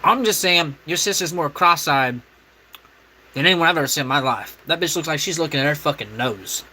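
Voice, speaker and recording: A man's voice: on the high side, brisk, bright, forceful tone, poor audio. A man hosting a cooking livestream, trading crude, profane insults with viewers in a brash, mocking way. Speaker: livestream host.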